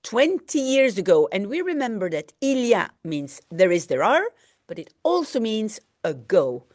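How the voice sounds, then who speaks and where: A woman's voice: medium pitch, very animated, moderate pace, darkish tone, no room sound, studio quality. A woman language teacher reading a French novel aloud and patiently translating it line by line, explaining vocabulary and often saying "hein".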